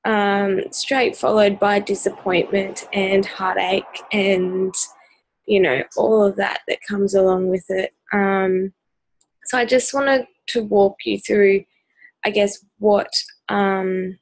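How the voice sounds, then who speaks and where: A woman's voice: mid-range voice, little pitch movement, takes it slowly, low-quality recording. An Australian woman vlogging straight to camera, earnest and hesitant with many ums, sounding exhausted. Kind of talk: personal talk to camera.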